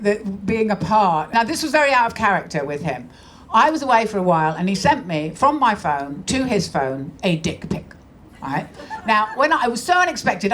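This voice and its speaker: Her voice is on the high side with a fairly bright tone, and there's slight background noise. A middle-aged woman does stand-up on a comedy club stage, brash, conversational and mock-exasperated, while the audience laughs.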